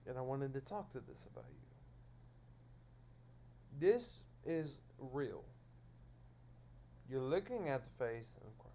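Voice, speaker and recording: Slightly high-voiced man scolding viewers. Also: a little mellow, a little hiss or hum. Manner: scolding, repetitive lecturing. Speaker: streamer addressing viewers. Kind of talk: solo monologue to camera.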